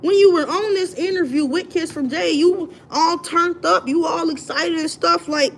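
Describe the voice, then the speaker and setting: A woman hosting her own livestream, telling a story in an indignant, animated way. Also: extremely high pitch, normal speed, slight background noise. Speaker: livestream host. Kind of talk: casual livestream rant.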